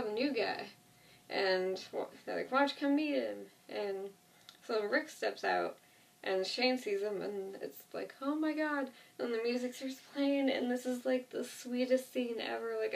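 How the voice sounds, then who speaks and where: A woman's voice: a little high, gravelly, far from the mic. A young woman casually retelling a TV episode to a friend, rambling with lots of "like" and the odd swear word. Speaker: vlogger.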